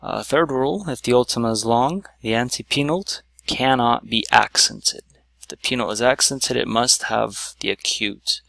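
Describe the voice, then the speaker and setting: A man teaching a whiteboard lesson, explaining slowly step by step with many "so"s. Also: mid-range voice, gravelly, pushed and bright, no room sound. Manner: slow, stepwise explaining with many "so"s.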